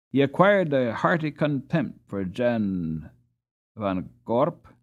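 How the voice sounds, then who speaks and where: A man reading a children's classic aloud as an audiobook narrator, in a slow, deliberate manner. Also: mid-range voice, a little mellow. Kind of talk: scripted narration.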